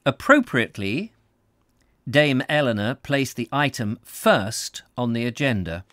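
A man narrating a novel in an expressive reading with small slips. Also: medium pitch, unhurried, dry recording, clean studio sound. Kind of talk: audiobook reading.

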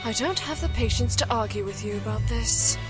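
A woman's voice: on the high side, brisk, over music, natural voice. A woman doing a stern aristocratic mother. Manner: stern, clipped and commanding. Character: strict aristocratic mother, cold and demanding.

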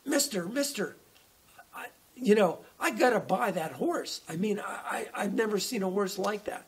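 An excited city salesman stammers and repeats himself in wonder, acted by a man in a story. The voice is high for a man, with a gravelly, husky rasp. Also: normal speed, heavily acted. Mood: amazed. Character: amazed restless city salesman.

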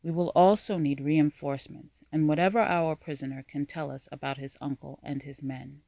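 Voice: medium pitch, fairly even intonation, moderate pace, creaky, mellow, no room sound, natural voice. A narrator voicing a grave older man, an uncle and leader, speaking in a strained, serious way.

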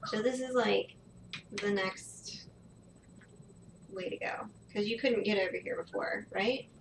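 A woman's voice: medium pitch, unhurried, creaky. A woman chatting casually while her husband plays a video game, playful and giggly, giving tips from the side. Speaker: streamer and co-host. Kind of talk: casual chat while watching gameplay. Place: home living room. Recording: distant room mic with background noise.

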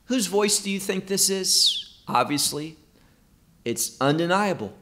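Male Bible teacher, slightly high voice, unhurried and emphatic, explaining scripture. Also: animated, bright, forceful tone. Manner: slow, emphatic, quoting scripture verse by verse.

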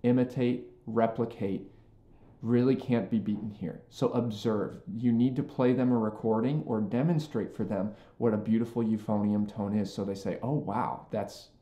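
Male music teacher, earnest, mellow tone, echoey room. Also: on the low side, steady tone, moderate pace, dull audio. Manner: earnest, frequent "okay?" and "right?" check-ins. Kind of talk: instructional talk to band directors. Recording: roomy echo.

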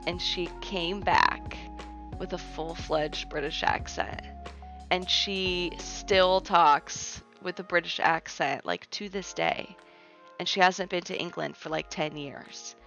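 A woman's voice: lowish voice, steady tone, slow, fairly bright tone. A woman from the United States chatting casually on a live stream, rambling and reading viewer messages aloud, full of "like" and "um.". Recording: dull lo-fi stream audio with faint music. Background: faint background music.

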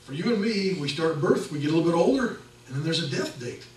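A middle-aged man preaching a sermon in a relaxed, conversational way, slipping into the voices of the people in his stories. His voice sits a little high for a man. He is picked up from some distance in an echoey church with faint noise in the background. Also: quick pace. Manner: conversational, animated storytelling with acted quotes. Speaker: pastor. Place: church sanctuary.

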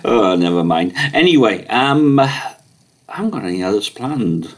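A man's voice: lowish voice, lively intonation, a little slow, pauses often. A man chatting casually in a rambling, chatty vlog, with many fillers. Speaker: vlogger.

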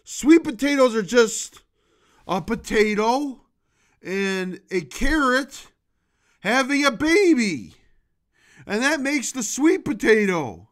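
A man with a high, bright voice hosts his own comedy vlog in a loose, rambling monologue. He takes his time over every phrase, jumping from loud outbursts to quiet asides, and his tone stays sharp and ringing throughout. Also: big pitch swings, takes it slowly, pauses often. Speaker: vlogger.

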